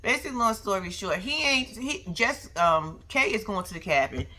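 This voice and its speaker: A young woman recaps a reality show as a vlogger, sassy and animated, with a bright, forceful tone. Her pitch swoops all over the place as she talks back to the people on the show, and she keeps throwing slangy asides to her viewers. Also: moderate pace.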